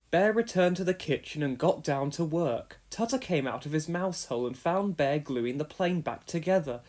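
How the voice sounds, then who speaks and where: A woman's voice: deep voice, animated, normal speed, few pauses, darkish tone. Woman reading a children's story expressively. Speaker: storybook reader. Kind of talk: read-aloud children's story narration.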